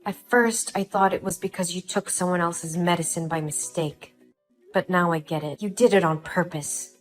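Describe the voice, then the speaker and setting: A woman narrating a dramatized first-person story as a pregnant wife, talking in a calm, earnest, measured way. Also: on the low side, soft background music.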